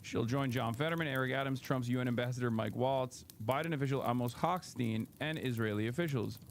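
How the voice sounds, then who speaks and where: A man's voice: mid-range voice, fairly quick, slight background noise. Rambling, profane male streamer. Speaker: streamer host. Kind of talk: casual live-stream commentary.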